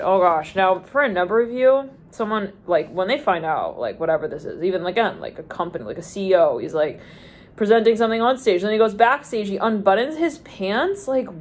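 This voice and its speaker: A woman giving an intuitive tarot reading in a rambling, stream-of-consciousness way, with lots of "like" and restarted thoughts. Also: medium pitch. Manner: trails off and restarts mid-thought. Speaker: tarot reader.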